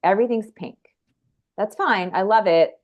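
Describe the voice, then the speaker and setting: A woman's voice: medium pitch, measured pace, highs cut off. A woman in her forties, a podcast guest, telling her story in an earnest, rambling way with frequent restarts. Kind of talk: candid conversational storytelling.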